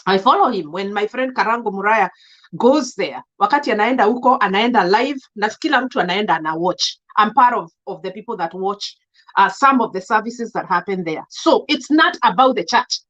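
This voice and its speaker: A woman's voice: mid-range voice, expressive, brisk, a bit bright, highs cut off. A woman with a Kenyan accent hosting a live stream, greeting viewers by name and speaking her mind in an emphatic mix of English and Swahili. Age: adult. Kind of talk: casual live-stream monologue.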